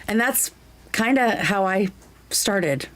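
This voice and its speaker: A woman's voice: mid-range voice, expressive, slow pace, a bit bright. A woman streamer chatting casually while reacting to a clip, bubbly and giggly, who slips into fluent French.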